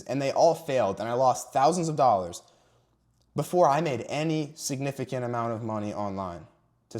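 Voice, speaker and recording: An earnest young man talks straight to camera in a motivational vlog about faith. His voice sits at an ordinary middle pitch. He hammers key words with preachy emphasis and sometimes sounds close to emotional. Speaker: Christian motivational vlogger.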